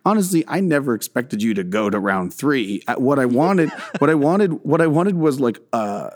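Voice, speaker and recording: A man's voice: medium pitch, big pitch swings, normal speed, a little mellow, no room sound, studio quality. A man guest on a podcast, talking about filmmaking in a rambling, self-deprecating way, swearing often and restarting his sentences. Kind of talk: casual podcast interview.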